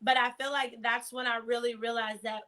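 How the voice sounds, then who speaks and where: A woman hosting a casual video call chat, telling stories in a lively way with slang and frequent laughter. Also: on the high side, brisk. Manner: lively storyteller, laughs often, uses slang. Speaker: host.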